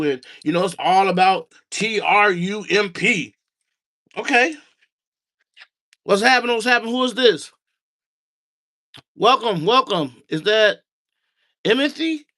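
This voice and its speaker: A man with a high, fairly bright voice streams casually from his home basement. There's no mic, only the room's sound, and he addresses both his chat and his dog, a little short of breath.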